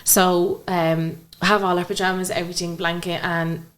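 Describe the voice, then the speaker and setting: A young Irish woman, a guest on a podcast, tells an emotional personal story in conversation, acting out the lines she quotes. Her lowish voice is a bit bright, with flat delivery at a normal pace.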